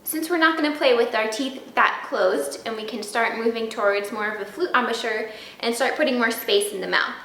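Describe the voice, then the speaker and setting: A woman flute teacher walks through the technique step by step, speaking clearly and sounding out practice syllables. Her voice sits a little high and comes across crisp and bright. She is recorded in a room with a noticeable echo. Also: moderate pace, slight background noise. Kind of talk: instructional video lesson.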